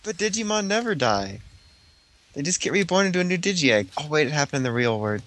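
A man on a casual voice-call podcast, chiming in with jokes and quick asides. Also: a little high, very animated, a bit bright. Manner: joking interjections. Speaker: podcast co-host. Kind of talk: casual chat over a voice call.

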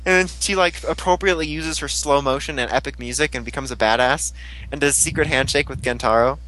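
A man's voice: mid-range voice, fairly quick, sharp tone, low-quality recording. A young man recapping a TV episode in casual chat, rambling, giggly and crude, often mimicking the characters. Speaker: podcast host recapping an episode.

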